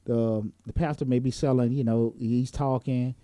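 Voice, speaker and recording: A man's voice: medium pitch, steady tone, moderate pace, warm tone, no room sound. A man hosting a talk show in a casual, joking way, with plenty of fillers. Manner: laid-back, joking, lots of fillers. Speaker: host. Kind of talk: casual chat.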